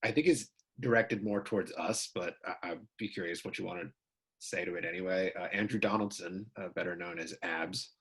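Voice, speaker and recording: A male host reading viewer questions with a relaxed delivery full of fillers. His voice is low and husky. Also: a little fast. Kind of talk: casual interview hosting.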